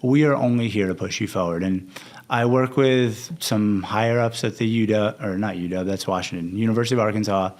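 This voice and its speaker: A man's voice: on the low side, a little fast, darkish tone. A young man, a coach and podcast guest, talking candidly and acting out quoted conversations. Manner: candid, storytelling, acts out quotes. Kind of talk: casual interview talk.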